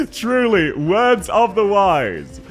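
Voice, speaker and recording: Animated streamer, lively voice. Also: male voice, high-pitched. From Australia. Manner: animated, jokey, reads chat aloud and laughs often. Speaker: game streamer. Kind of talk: casual live-stream chat while gaming.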